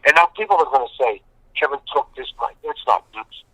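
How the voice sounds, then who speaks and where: A man talks casually as an interview guest. His voice is bright and forceful, and the sound is dry and close. He rambles and repeats himself for emphasis. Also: medium pitch, expressive, fast talker, dry recording, rough recording. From Boston. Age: 50s. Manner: rambling, emphatic storytelling with repetition.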